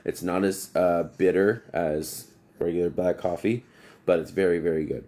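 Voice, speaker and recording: A man's voice: low voice, steady tone, normal speed, mellow. A man who works as an HVAC technician, telling long rambling stories on a casual livestream and breaking off to greet viewers.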